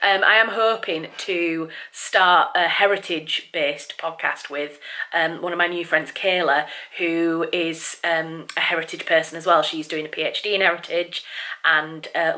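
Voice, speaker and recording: A woman's voice: fairly low pitch, sharp tone. A woman, a writer, chatting casually to camera in a vlog, rambling with lots of fillers and sounding a bit apologetic. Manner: apologetic and self-conscious toward viewers. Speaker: writer and vlogger.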